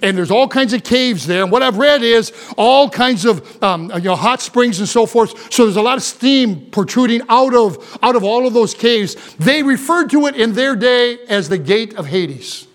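A man preaching a sermon to a morning congregation as pastor. He is animated and full of asides, repeats words and restarts his sentences. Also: very high voice, moderate pace, hardly any pauses.

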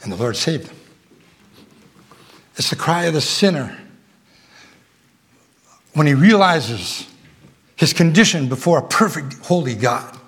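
A middle-aged man preaching a sermon, halting with restarts and fillers, then swelling with fervent emphasis. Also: fairly high pitch, lively intonation, a bit bright, husky.

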